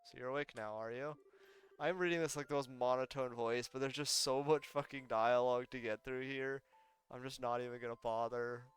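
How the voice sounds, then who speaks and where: A man's voice: medium pitch, fairly even intonation, a little fast, clear, resonant tone. A man casually commenting on an old game during a live stream, wry and laughing at the dialogue.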